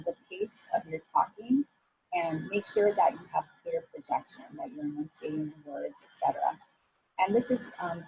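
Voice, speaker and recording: Low, gravelly woman giving career advice. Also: mellow, slight background noise, rough recording. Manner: casual and encouraging, with frequent fillers. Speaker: image coach. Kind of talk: professional development talk.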